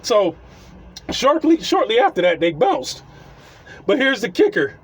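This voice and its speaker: Landlord dude telling a funny story, husky, voice bouncing all over, laughing a lot. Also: male voice, extremely high pitch, sing-song, measured pace. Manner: laughs often, repeats "he was like" while acting out people. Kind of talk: comedic storytelling.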